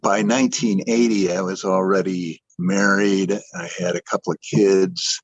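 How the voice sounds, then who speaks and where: A man's voice: deep voice, flat delivery, unhurried, no room sound, highs cut off. An older man telling his career story in a rambling, self-deprecating way, often restarting his sentences. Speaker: interview guest, animator. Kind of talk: casual storytelling.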